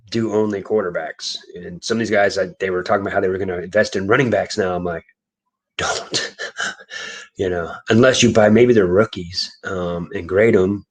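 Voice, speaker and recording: A man's voice: deep voice, slightly rough. A man telling a long childhood story in casual chat as a reseller, rambling and laughing often.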